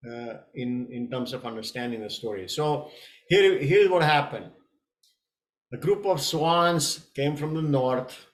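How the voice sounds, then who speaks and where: A man, a tai chi coach, telling a parable in a gentle storytelling way, with small hesitations. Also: mid-range voice.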